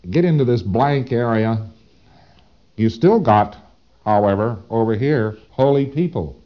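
A man's voice: medium pitch, a little slow, lo-fi sound. A man giving a lecture, speaking dramatically with rhetorical questions and acting out his examples. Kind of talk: recorded lecture.

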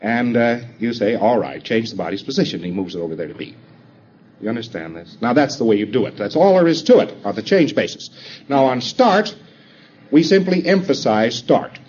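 A man giving an instructional lecture, acting out both sides of the dialogue, halting, with frequent fillers. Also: mid-range voice, lively intonation, darkish tone, breathy edge. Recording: dull lo-fi tape with faint hiss.

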